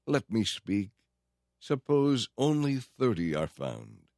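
A man's voice: medium pitch, very animated, slow pace, darkish tone, no echo, clean studio sound, voice pushed up. A man reading as humble pleading Abraham. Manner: pleading, careful.

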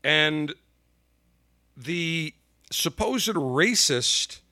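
Animated, bright-voiced opinionated male host. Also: fairly high pitch, extremely slow. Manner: emphatic, indignant, punchy delivery. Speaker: podcast host. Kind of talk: opinionated commentary.

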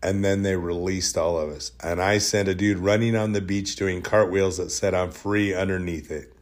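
Low-voiced man rambling through podcast stories. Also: fairly even intonation, moderate pace. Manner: rambling, jokey, self-deprecating. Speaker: podcast host. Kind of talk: casual storytelling monologue.

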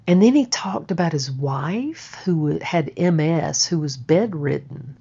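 Low-voiced woman telling a candid story. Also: lively intonation, a little slow, mellow, slightly rough. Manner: candid and conversational, casual swearing. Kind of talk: personal storytelling. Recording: dull lo-fi recording.

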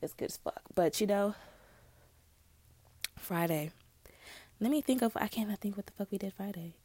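A woman's voice: medium pitch, moderate pace, warm tone, dry recording. A young adult woman vlogger telling a personal story in casual, profane, rambling chat.

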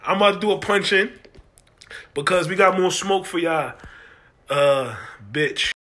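A man hosting a podcast, chatting casually and telling stories in an animated, profane way. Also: sits high, a little slow, echoey room. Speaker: podcast host. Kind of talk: casual chat.

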